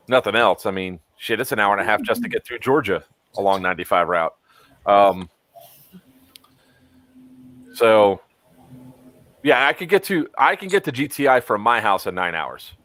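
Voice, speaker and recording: Low, rambling man hosting a stream. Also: animated, moderate pace, pauses often, a bit bright, dry recording. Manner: rambling, with frequent ums. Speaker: stream host. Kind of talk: casual chat.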